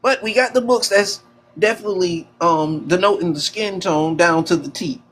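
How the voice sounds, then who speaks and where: Loud joking man in casual debate. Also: sits high, normal speed, slight background noise. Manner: loud joking trash talk, laughing often. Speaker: panel debater. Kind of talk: casual heated debate banter.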